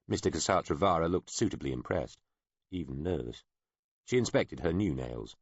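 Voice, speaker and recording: A man narrating an audiobook in a measured storytelling way. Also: extremely low pitch, lively intonation, husky, no room sound, dull audio. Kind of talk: scripted narration.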